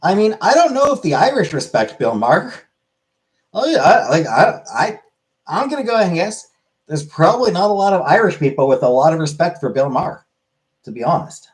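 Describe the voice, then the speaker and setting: A man's voice: on the high side, sing-song, fairly quick. Crude, rambling male comedy host. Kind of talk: casual comedic monologue.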